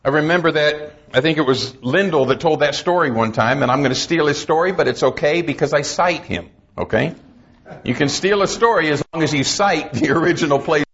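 Middle-aged pastor guy, high voice, folksy and jokey, kinda dull lo-fi sound. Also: brisk, a bit bright. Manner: folksy storytelling with humor. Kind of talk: sermon.

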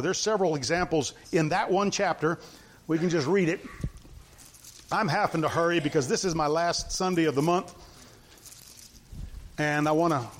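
High-voiced man preaching a casual sermon. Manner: emphatic, repeats points, quick asides to the congregation. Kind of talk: conversational sermon with scripture reading.

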